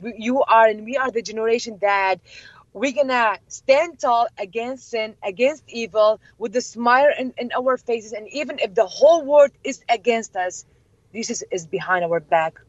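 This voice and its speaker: Lively young woman telling excited stories. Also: fairly high pitch, moderate pace, no room sound. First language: Chaldean. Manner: animated, laughs often, acts out quotes. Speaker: guest. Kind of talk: excited storytelling. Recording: dull lo-fi, dry.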